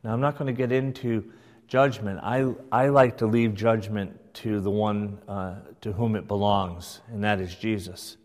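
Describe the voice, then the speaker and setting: Slow-speaking man teaching in a reverberant church. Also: on the low side, fairly even intonation, a little mellow. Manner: measured, emphatic teaching with rhetorical "right?". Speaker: pastor teaching a class. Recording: long hall reverb.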